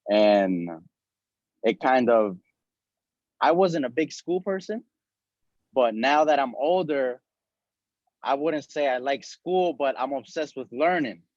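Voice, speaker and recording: A man's voice: medium pitch, lively intonation, slow pace, long pauses, a little mellow, no echo. A man calling in to a talk show, telling a story in a rambling way with lots of filler words. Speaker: caller. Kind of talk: casual call-in story. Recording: dull, dry call audio.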